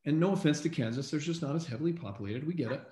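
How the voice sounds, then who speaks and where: A man co-hosting a live online recognition event, reading out names in an upbeat way and often clearing his throat, speaking over a video call. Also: a little high, rapid-fire, mellow. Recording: echoey room on a video call.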